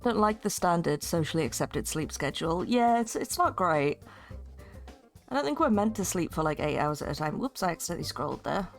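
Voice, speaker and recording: A woman's voice: fairly low pitch, big pitch swings, fairly quick, soft background music. A woman streaming a text game, chatting in rambling asides and reading aloud.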